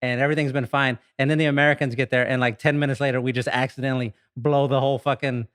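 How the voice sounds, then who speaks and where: An enthusiastic man co-hosts a relaxed movie podcast and hammers his points by repeating words. His voice sounds bright and forceful, at a middle pitch. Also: fast, clear, resonant tone. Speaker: podcast co-host. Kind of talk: casual movie chat.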